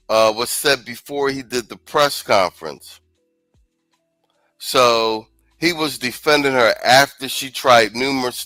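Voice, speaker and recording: A man's voice: mid-range voice, sharp tone, dry recording, low-quality recording. A man hosting a show, giving blunt, slangy, casual commentary on clips and reading viewer comments aloud. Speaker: show host.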